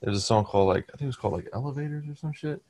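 A man's voice: mid-range voice, rapid-fire, dark tone. A man in a casual group chat, talking with eager enthusiasm and lots of slang.

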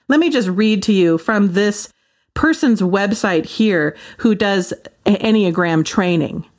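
Brief: incredulous woman at mid pitch, animated and colloquial, in a Christian talk monologue. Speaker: Christian commentator. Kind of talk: casual monologue.

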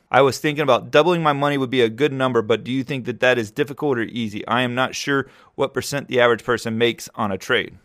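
A man's voice: mid-range voice, fairly bright tone. Man, forties, podcast host, casual chat, rambling, repeats himself. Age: 40s. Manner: rambling, repeats words when thinking.

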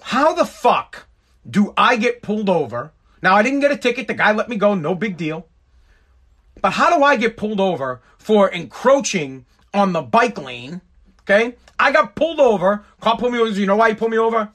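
A man's voice: high voice, big pitch swings, moderate pace, a bit bright. A man hosting a solo podcast, ranting in an exasperated, heavily profane way. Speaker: podcast host.

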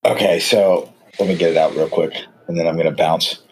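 A man's voice: deep voice, fairly even intonation, brisk, slight background noise, poor audio. A man telling an exasperated, chuckling story in casual podcast chat over voice chat. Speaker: podcast co-host.

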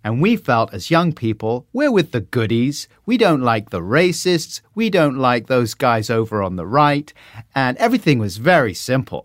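A man's voice: mid-range voice, moderate pace, no room sound. Guy, middle-aged, rambling funny stories, goes into silly voices, dry sound. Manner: animated storytelling, slips into silly voices. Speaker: podcaster guest. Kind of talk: conversational interview.

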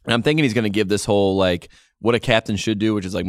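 A man's voice: fairly low pitch, fast, few pauses, no echo, clean studio sound. A man co-hosting a casual sports podcast, ranting in exasperated complaints. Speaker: podcast co-host.

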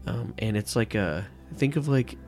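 A man's voice: lowish voice, normal speed, vocal fry, a little mellow, soft background music. A man narrating a tabletop game as game master, rambling and filling with "like" and "um.". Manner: rambling, full of "like" and "um".

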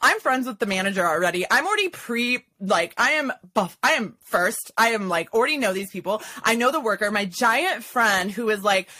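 A woman's voice: medium pitch, lively intonation, a little fast, few pauses, sharp tone, a little hiss or hum. A young woman hosting a casual chat, telling a story dramatically and sassily, full of "like" and swearing. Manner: dramatic, sassy, lots of "like", swearing. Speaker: podcast host.

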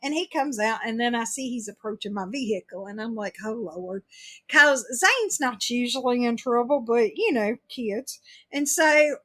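In casual chat, a woman with a fairly high voice tells a story at a moderate pace. She narrates with animation, acting out everyone's quoted lines.

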